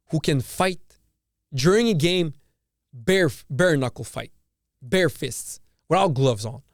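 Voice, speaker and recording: A man from Canada hosts a podcast as a casual, profane rant, often repeating and restarting his phrases. His voice sits a little high and sounds smooth and clear. The recording is dry and close. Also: no room sound. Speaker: podcast host. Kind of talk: casual opinion monologue.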